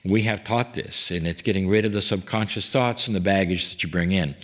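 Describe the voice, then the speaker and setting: A man's voice: low-pitched, brisk, a bit bright. A man hosting an interview, speaking earnestly and sometimes restarting his sentences. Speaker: host. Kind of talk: interview talk.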